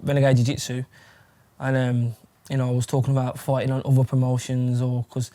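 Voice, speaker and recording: A man's voice: mid-range voice, monotone, fairly quick, mellow. A young man from England, chatting casually in an interview, rambling with plenty of fillers and swearing. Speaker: fighter.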